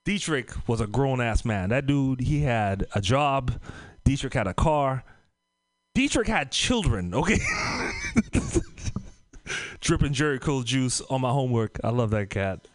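A man's voice: mid-range voice, very animated, measured pace, dry recording. A man from Trinidad doing a stand-up set, loose and profane, laughing at his own jokes on a comedy club stage. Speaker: stand-up comic.

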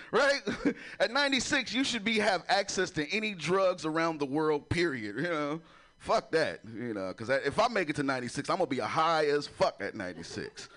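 A man with a high, bright, forceful voice performs a crude stand-up set, laughing at his own jokes. An adult with a son, he keeps things loose and chatty, constantly asking "you know."

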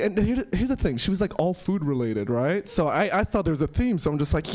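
A young man performing a stand-up comedy set, rambling and halting with many fillers, breaking into sudden high-pitched outbursts. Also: very animated, darkish tone.

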